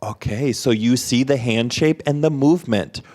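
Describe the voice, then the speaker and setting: A man's voice: medium pitch, moderate pace, a little mellow. A man voicing a presenter at an interactive workshop, quizzing the audience with short prompts and questions.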